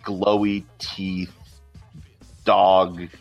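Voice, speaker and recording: A man with a very low voice talks movies in a relaxed, rambling co-host chat, full of enthusiastic restarts. Faint music plays behind him. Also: drawn-out words, vocal fry, highs cut off.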